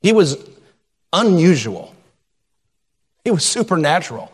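A man's voice: a little high, sing-song, measured pace, husky, in a large hall, exaggerated voice. A man preaching voices a grieving, devoted woman, speaking in an impassioned, pleading way. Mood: impassioned grief.

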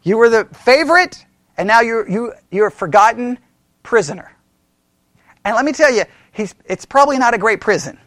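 A man's voice: very high-pitched, expressive, normal speed, fairly bright tone, no room sound. A man preaching as a pastor, in a conversational way, quizzing his listeners with questions and often restarting his sentences. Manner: frequent self-corrections and restarts. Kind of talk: sermon.

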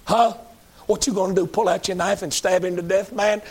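Folksy preacher, fairly high voice. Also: male voice, steady tone, brisk, husky. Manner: folksy, preachy, rising to shouted emphasis. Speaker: Baptist preacher. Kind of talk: sermon.

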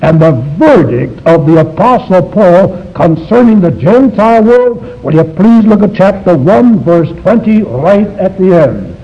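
Male Bible teacher, emphatic, slow, lively pitch, high voice, dull lo-fi recording. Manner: emphatic, asks the class rhetorical questions. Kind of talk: Bible study lecture to a live class.

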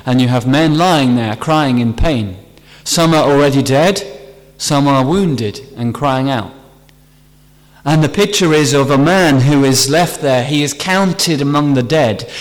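A man preaching a sermon earnestly, stressing key phrases as he explains a psalm. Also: medium pitch. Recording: long hall reverb.

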